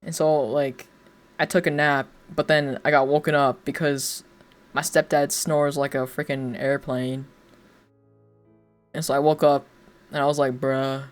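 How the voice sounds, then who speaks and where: A man's voice: medium pitch, flat delivery, a little slow, pauses often. A young man streaming, telling a story in a rambling, casual way, full of fillers and frequent laughs. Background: faint music.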